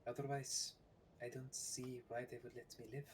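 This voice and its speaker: A man voicing a troubled young woman who sees herself as a monster, speaking in a halting, hesitant way. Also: mid-range voice, flat delivery, natural voice. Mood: uneasy. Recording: faint background noise.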